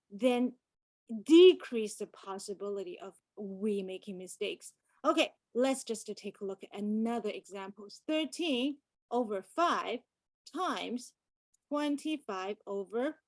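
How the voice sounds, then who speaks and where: A woman's voice: high voice, fairly bright tone, no echo. A woman tutoring math in an online class, explaining steps and teasing students, mixing English with Mandarin. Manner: switches between English and Mandarin, scolds playfully.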